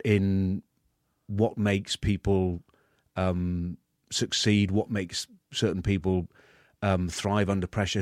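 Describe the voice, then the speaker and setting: A man in his fifties, a guest in an interview, talking in a halting way with many restarts. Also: fairly low pitch, darkish tone, no room sound, clean studio sound.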